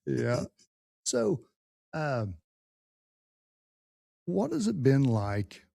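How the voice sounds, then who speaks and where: A man's voice: medium pitch, big pitch swings, very slow, creaky, mellow, no room sound, studio quality. A middle-aged man hosting a podcast, reminiscing in a folksy, rambling way and asking his guest questions. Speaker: podcast host. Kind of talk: casual podcast conversation.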